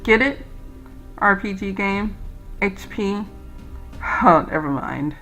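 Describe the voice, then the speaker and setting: A woman reading a gentle, whimsical tea-room lady. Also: mid-range voice, takes it slowly, faint music behind, poor audio.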